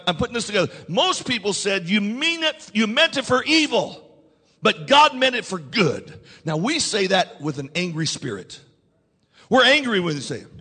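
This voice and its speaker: A pastor preaching a sermon to his congregation. His voice sits high and swings widely as he presses the crowd and leads call-and-response. The sound rings with the long reverb of a church sanctuary. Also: bright, forceful tone. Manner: preaching with rising intensity and call-and-response prompts.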